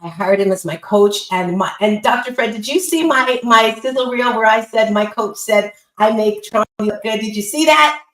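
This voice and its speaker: A woman's voice: on the high side, moderate pace, few pauses, a bit bright, reverberant, rough recording. A woman hosting a live online call as a business coach, giving an upbeat, emphatic motivational talk and repeating phrases.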